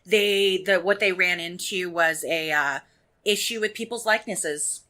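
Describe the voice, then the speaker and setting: A woman co-hosting a casual fan podcast, her voice low-set but bright and forward. She rattles along in chatty asides with her co-hosts. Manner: chatty, quick asides and laughs. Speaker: podcast co-host. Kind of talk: casual chat.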